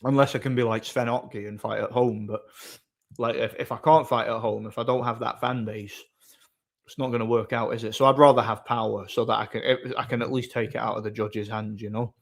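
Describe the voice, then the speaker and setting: A man's voice: medium pitch, fairly even intonation, fairly quick, gravelly. Rambling man streaming live. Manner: rambling, answers chat comments aloud. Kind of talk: casual live-stream chat.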